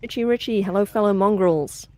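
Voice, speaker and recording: A woman's voice: mid-range voice, brisk, dark tone. A woman co-hosting a casual live gaming stream, friendly and chatty, giggling often. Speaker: podcast co-host.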